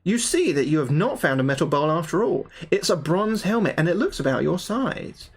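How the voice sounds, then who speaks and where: Between passages of a solo fantasy gamebook he reads on stream, a man chats casually with his audience and swears freely. He sounds a little high and slightly rough, with big pitch swings, at a normal speed.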